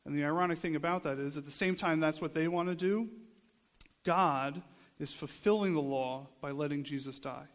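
A man's voice: on the high side, moderate pace. A man preaching a sermon in an earnest, conversational way, often checking in with his listeners. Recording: long hall reverb.

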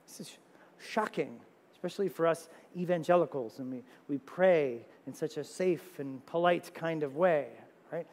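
A man preaching a sermon as pastor, animated, firing off rhetorical questions with sudden loud high exclamations. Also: normal speed. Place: church sanctuary. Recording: long reverb of a church sanctuary.

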